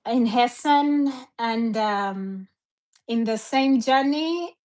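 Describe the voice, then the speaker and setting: A woman's voice: on the high side, drawn-out words, darkish tone. A woman guest telling her story casually, hesitant, with German words mixed in. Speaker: interview guest.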